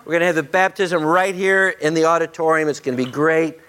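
A man's voice: a little high, steady tone, a little fast, smooth. A man, a pastor making church announcements with joking banter before starting his sermon. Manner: joking, warm-hearted banter with the congregation. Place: church auditorium.

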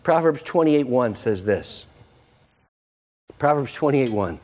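A male pastor preaching a sermon to a congregation, jokey and animated, slipping into playful voices for quoted lines. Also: medium pitch, takes it slowly. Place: church sanctuary with congregation.

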